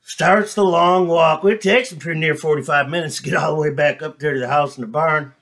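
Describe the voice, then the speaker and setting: A man's voice: fairly high pitch, fairly even intonation, brisk, fairly bright tone. A man, hosting and telling a folksy, joking comic story. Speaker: comedian host.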